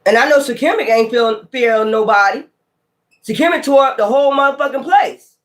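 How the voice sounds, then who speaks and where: Tarot reader, casual reading, animated, swears a lot, mid pitch. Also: moderate pace. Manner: animated, profane, calls listener child.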